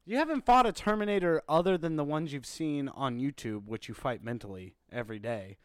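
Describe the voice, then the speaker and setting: A man co-hosting a podcast, chatting casually and excitedly about a fighting game, swearing freely. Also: fairly high pitch, brisk, smooth, no echo. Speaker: podcast co-host. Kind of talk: casual gaming chat.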